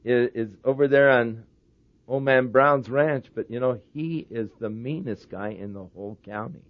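Brief: a preacher putting on a plain, blunt deacon, muffled lo-fi sound. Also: male voice, mid-range voice, moderate pace, pitched below the performer's own voice, close to an everyday voice. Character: church deacon, plain-talking man. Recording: dull lo-fi sermon recording.

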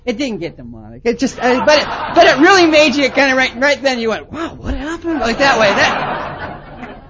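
A high-voiced man preaching to a conference, telling his story with lively swings from hushed to loud. The recording is a bit muffled, with faint audience laughter and some room noise behind him. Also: moderate pace, crowd noise. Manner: animated storytelling with big swings in loudness. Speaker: pastor.

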